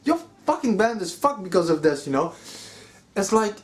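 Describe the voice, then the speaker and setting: A man speaks in a slightly higher-than-usual voice, ranting straight to his viewers. He sounds exasperated and swears freely, with plenty of fillers along the way. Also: big pitch swings, moderate pace. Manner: profane, exasperated, lots of filler like 'you know'. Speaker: metal vlogger. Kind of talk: angry commentary rant.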